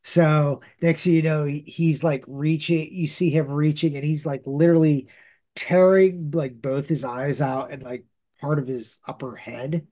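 A man with a fairly high voice talks slowly and loosely, recapping a comic book plot on a podcast. He rambles, restarts his sentences, and leans on fillers as he goes. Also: steady tone, mellow. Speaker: podcast host.

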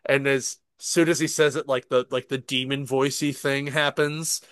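Animated storytelling man, dry sound. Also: mid-range voice, normal speed, smooth, no room sound. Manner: animated storytelling, swears freely. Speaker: podcast co-host. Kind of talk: casual chat.

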